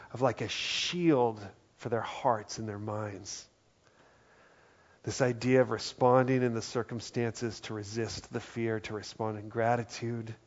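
A man preaching a sermon as pastor, earnest, dropping to a hushed voice for quoted lines. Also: mid-range voice, muffled recording. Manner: earnest, drops to soft quiet tones for quoted words.

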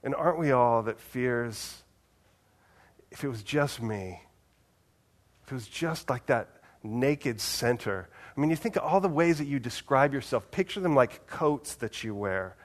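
Casual, animated male preacher. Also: mid-range voice, measured pace. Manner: casual and animated, with big swings in loudness. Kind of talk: conversational sermon.

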